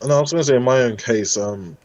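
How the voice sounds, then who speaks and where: A young man of middle pitch tells stories on a podcast panel, full of "um"s and "you know"s. He talks in a casual, animated way, building each anecdote up. His voice is mid-range and ordinary. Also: quick pace, dull audio. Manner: storytelling, animated, many fillers. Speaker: podcast co-host.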